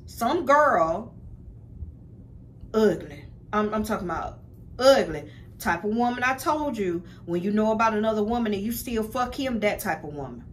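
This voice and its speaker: An animated young woman with a medium pitch talks at a moderate pace, a little hiss or hum audible behind her. As a spiritual vlogger, she recounts a personal story to viewers in a frank, profane, easygoing style, frequently saying "y'all."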